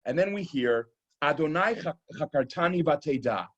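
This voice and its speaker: A man's voice: fairly high pitch, animated, moderate pace, muffled recording. Thoughtful man teaching a psalm. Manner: thoughtful, explanatory, many "um"s and "right?" checks. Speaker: rabbi teaching a keynote lecture. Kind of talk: Torah lecture on a psalm.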